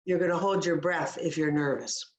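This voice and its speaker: A woman's voice: low voice, steady tone, normal speed, echoey room. A woman coaching a webinar audience on voice, explaining with demonstrations and encouraging tips. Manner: demonstrative, gives upbeat guided tips. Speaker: communication coach.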